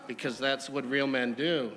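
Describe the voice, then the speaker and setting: A man's voice: medium pitch, steady tone, moderate pace, crowd noise. A man giving a memorial eulogy, telling humorous anecdotes in an easygoing storytelling way. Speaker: eulogy speaker. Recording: long hall reverb.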